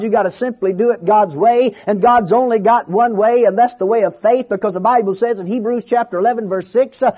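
A Southern American preacher with a Georgia accent, giving a folksy, joking Pentecostal sermon full of amens, sometimes shouting. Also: male voice, very high voice. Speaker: pastor, preacher.

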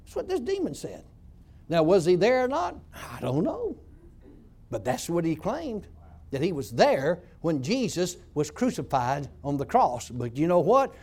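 A man telling his testimony in a folksy, emphatic way. His voice sits high for a man and swings up and down a lot as he tells the story, in the manner of a former prison preacher. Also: wildly swooping pitch, unhurried, darkish tone, husky. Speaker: former prison pastor, guest.

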